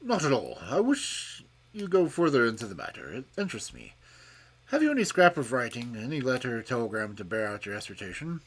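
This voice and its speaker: A man voicing an irritable, malicious elderly professor who speaks loud and sharp, with a husky voice. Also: medium pitch, huge pitch swings, fairly quick, heavily acted. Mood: suspicious.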